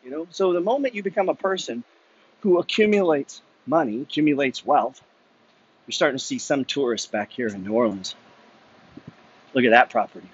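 A man's voice: mid-range voice, animated, normal speed, long pauses, husky, muffled recording. A man ranting bluntly and profanely while walking city streets, preaching a motivational walk-and-talk monologue. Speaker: vlogger. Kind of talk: walking-and-talking motivational rant.

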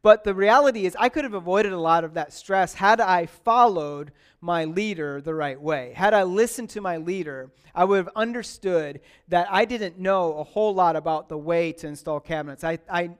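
Male pastor, conversational sermon, higher smooth voice, chatty. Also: moderate pace, few pauses. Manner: chatty, with frequent restarts and "like", asks congregants questions by name.

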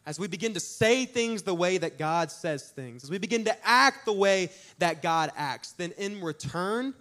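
A young man preaches like a youth pastor, talking to his congregation as if chatting with friends. His voice sits high for a man, and he tells stories with lively emphasis and quick punchlines. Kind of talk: sermon.

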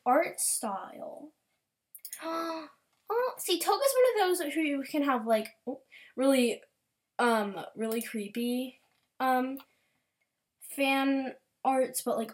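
A young woman giving a casual, gushing reaction commentary, gasping, repeating herself and dropping into soft whispers. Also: fairly high pitch. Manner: rambling with repeated words. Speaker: vlogger browsing fan art.

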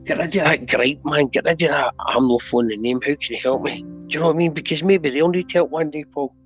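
A man's voice: fairly high pitch, fast talker. A middle-aged Scottish man, a podcast guest telling his story in earnest, casual talk, always asking if you know what he means. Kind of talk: candid conversational storytelling. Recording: dull lo-fi audio with faint music.

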